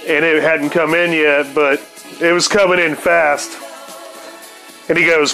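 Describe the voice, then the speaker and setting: A man's voice: a little high, flat delivery, measured pace, gravelly, pauses often, bright, forceful tone. New guy rambling thru a story, swears a lot, laughs a bit, faint music under it. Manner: rambling, profane, laughs often. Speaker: podcast host. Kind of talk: casual storytelling monologue.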